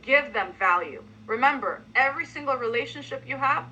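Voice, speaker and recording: A woman giving an energetic coaching talk to a sales team, acting out sample pitches with emphatic delivery. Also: a little fast, lo-fi sound, a little hiss or hum. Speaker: sales trainer.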